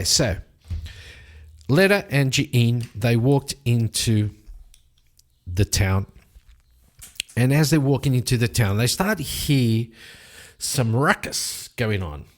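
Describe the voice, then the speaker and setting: Casual slow-talking man. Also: mid-range voice. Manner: casual, rambling, self-correcting. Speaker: solo game player and narrator. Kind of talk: narrating a solo tabletop game.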